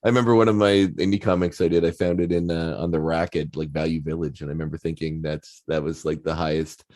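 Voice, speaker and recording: A man hosting a podcast who asks questions in a casual, halting way, often repeating words as he thinks. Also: a bass voice, flat delivery, darkish tone, no echo. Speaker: podcast host. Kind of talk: casual interview chat.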